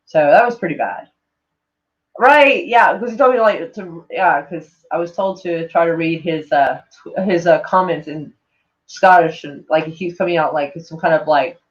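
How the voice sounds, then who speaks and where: High-voiced streamer rambling with a speech impediment. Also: male voice, moderate pace. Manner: loose and meandering, heavy on "like", swears freely. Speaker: live streamer. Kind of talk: casual rambling stream chat. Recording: dull lo-fi home stream audio.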